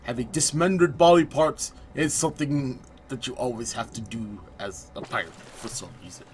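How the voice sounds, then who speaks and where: A man narrating a gameplay video in a playful, mock-grand style, putting on a deliberately bad French accent. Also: mid-range voice, slight background noise. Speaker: gaming channel host. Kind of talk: let's play voice-over commentary.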